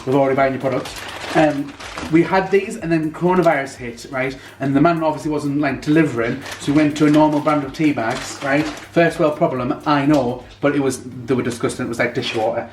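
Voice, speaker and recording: A man's voice: medium pitch, fairly even intonation, brisk, few pauses, echoey room, slight background noise. A young British man chatting casually to camera at home for his vlog, rambling with plenty of ums. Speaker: vlogger. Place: at home, indoors.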